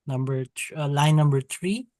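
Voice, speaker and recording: A woman teaching a Hebrew lesson over a video call, slowly drilling syllables and explaining pronunciation. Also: deep voice, dark tone, no room sound. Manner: slow, careful drilling of syllables. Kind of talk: online language lesson.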